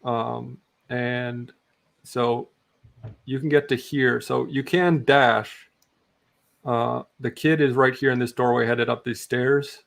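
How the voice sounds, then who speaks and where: A man running a tabletop game as game master, in a laid-back, halting way with many ums. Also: mid-range voice, level tone, creaky, a bit bright.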